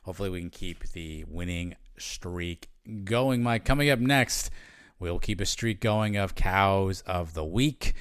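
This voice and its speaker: A man's voice: low-pitched, lively intonation, unhurried, a bit bright, smooth, dry recording, clean studio sound. A man co-hosting a casual sports podcast, chatting with many fillers and restarts. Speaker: podcast co-host.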